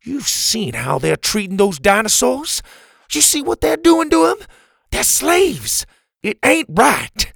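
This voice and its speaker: A man's voice: a little high, very animated, moderate pace, gravelly, fairly bright tone, no echo, studio quality, pitched above the performer's own voice, exaggerated voice. A man voicing a stern, worried older camp leader who talks in an earnest, pleading way. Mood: indignant.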